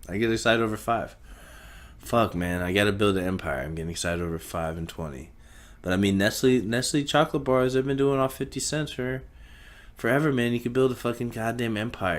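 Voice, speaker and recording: A young man rambling through a profane solo podcast monologue, talking in circles. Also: lowish voice. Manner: rambling, profane, stream of consciousness. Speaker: podcast host.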